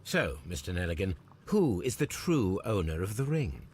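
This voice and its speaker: Sherlock Holmes, deep and measured. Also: male voice, sing-song, a little mellow, slightly rough, heavily acted. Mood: probing. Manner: measured, deductive and coolly probing. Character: calm, sharp-minded male detective. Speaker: detective interrogating a suspect. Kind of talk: video game voice acting.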